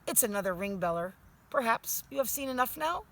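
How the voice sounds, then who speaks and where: A woman reading aloud, voicing a big, gentle male giant who mangles his grammar. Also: on the high side, expressive, brisk, voice pushed up.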